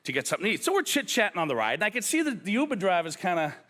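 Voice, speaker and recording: Boston man, memorial anecdotes, higher voice with lots of swing in the delivery. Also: very fast. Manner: animated anecdotes, acts out others' lines. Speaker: police officer sharing memories at a memorial. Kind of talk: humorous memorial storytelling.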